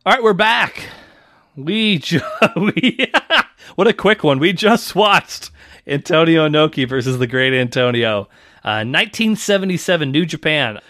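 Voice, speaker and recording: A man hosting a casual podcast, chatty and relaxed, reading notes and bantering with his co-host. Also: a little high, a little slow, no echo, studio quality.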